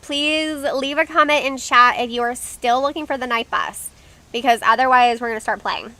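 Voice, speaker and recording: A woman's voice: high-pitched, moderate pace, sharp tone. A young woman hosting a casual game livestream, chatting with viewers and reading their comments aloud. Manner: chatty and giggly, reads out chat comments. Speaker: livestream host.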